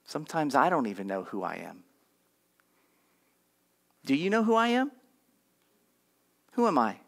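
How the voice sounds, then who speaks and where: With huge pitch swings, this male pastor preaches unhurriedly in a gravelly, fairly bright voice on the high side. His sermon is conversational, built on repeated affirmations and call-and-response with the congregation.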